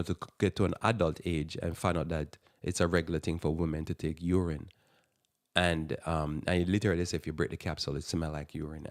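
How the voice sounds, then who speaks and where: A man's voice: low-pitched, no room sound, clean studio sound. A man hosting a live Christian morning radio talk show, rambling and restarting his sentences as he speaks. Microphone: radio studio mic.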